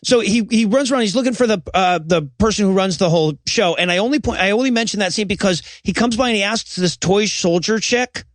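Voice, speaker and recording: A man co-hosting a comedy podcast, retelling a movie scene by scene with plenty of swearing. His voice sits high for a man. The recording is close and dry. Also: fast, hardly any pauses, dry recording. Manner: profane, storytelling, acts out quotes. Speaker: podcast co-host.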